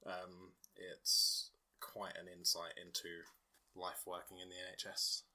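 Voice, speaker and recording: Husky, bright man, laid-back and giggly. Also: low voice, completely flat delivery, unhurried. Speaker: podcast co-host. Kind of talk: casual podcast chat.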